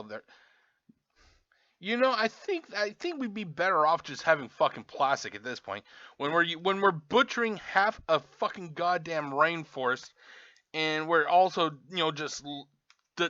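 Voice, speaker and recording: A man's voice: a little high, big pitch swings, moderate pace, pushed and bright, no room sound. A man reviewing toys in a profane, angry, sarcastic unboxing rant, recorded at home. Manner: angry, sarcastic, swears constantly. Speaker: toy reviewer. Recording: dull lo-fi dry sound.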